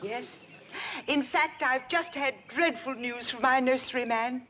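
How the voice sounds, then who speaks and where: An actress playing a fussy, snobbish middle-aged society matron with a prim, genteel manner, in a 1960s sitcom. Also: female voice, high-pitched, measured pace, sharp tone, slight background noise. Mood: distressed. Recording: dull old TV audio with laugh track.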